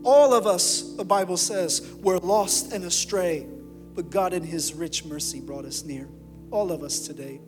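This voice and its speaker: High-voiced male pastor preaching in a reverberant hall. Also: measured pace. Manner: impassioned preaching, swinging from loud to hushed. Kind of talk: sermon. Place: church sanctuary. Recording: long hall reverb with music behind.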